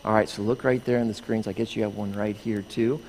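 A middle-aged pastor with a fairly low voice tells a playful children's story in a church sanctuary, talking fairly quickly. He's animated and acts out screams as he goes. The hall echoes, with faint room noise.

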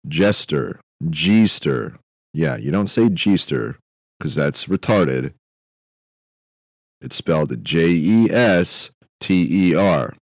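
A young man with a very deep, low voice drifts through a comedic podcast monologue, musing and doubling back on himself in a deadpan way. The sound is close and dry, with no room around it. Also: slow pace, dry recording. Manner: meandering, self-interrupting, deadpan musing with frequent fillers. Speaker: podcast host.

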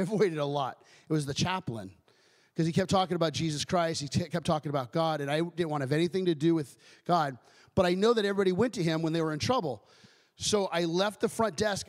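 A ministry director appearing as a guest speaker shares his personal testimony in church, animated and acting out the voices he quotes while often restarting his sentences. His pitch is fairly high, and the sound has a big-room quality.

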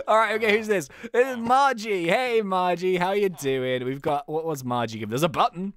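Excitable woman commenting on a game. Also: on the low side, moderate pace, no echo. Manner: excitable, chatty, laughs often. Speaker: gaming channel host.

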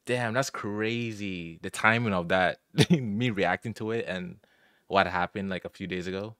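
A man's voice: fairly low pitch, unhurried, fairly bright tone, a little hiss or hum. A young man hosting a music reaction, talking in casual slang and exclaiming in surprise as he listens. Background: song playing.

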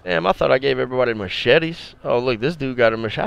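A man's voice: medium pitch, fast talker, vocal fry, few pauses, clean tone, muffled recording. A man giving casual, slangy, laid-back commentary while playing a video game. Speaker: gameplay commentator.

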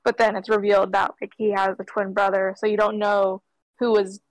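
A woman's voice: medium pitch, flat delivery, fairly quick, no echo, low-quality recording. A young woman co-hosting a film podcast, talking hesitantly with many fillers. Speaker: podcast co-host. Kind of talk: casual film discussion.

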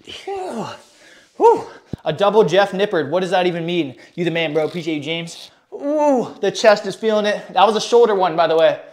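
Young male fitness streamer, high voice, winded, casual bro energy. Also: brisk. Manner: hyped, casual bro talk to chat. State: out of breath. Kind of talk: live workout stream chat.

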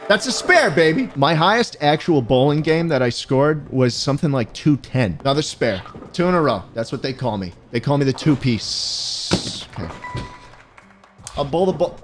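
Young male streamer, higher voice, wildly animated, crude jokes, faint music under him. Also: moderate pace. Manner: excitable, yells at the game, crude jokes. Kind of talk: gameplay commentary.

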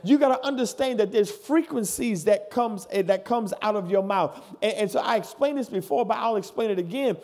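A pastor in his thirties preaches to his church congregation in a high, slightly mellow voice, talking fairly quickly with few pauses. He addresses them directly, starting in plain talk and building up to hollering.

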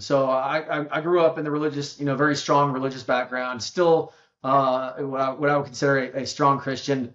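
A man as a podcast guest, telling a long story in a casual, rambling way with many restarts, and getting lively when he quotes other people. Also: mid-range voice, highs cut off.

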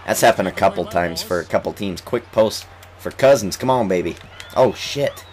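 A young man with a lowish voice talks over a basketball video game in loose, excitable commentary. He coughs now and then while getting over an illness and trash-talks the players on screen. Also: moderate pace, soft background music. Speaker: gaming YouTuber. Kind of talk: casual let's-play commentary.

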